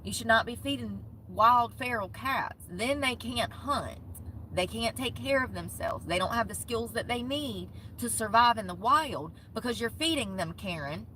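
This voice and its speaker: Brief: young woman vlogger, ranting and cussing, bright and forceful tone, faint vehicle noise behind. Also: on the high side, expressive, normal speed. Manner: indignant, profane, quotes people in short bursts. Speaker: van-life vlogger. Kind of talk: ranting vlog storytime.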